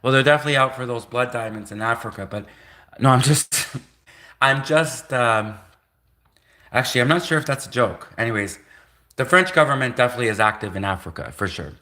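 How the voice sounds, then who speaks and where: Bright-voiced man rambling on a livestream. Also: mid-range voice, fairly quick. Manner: sarcastic, rhetorical questions, many restarts. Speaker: livestream host.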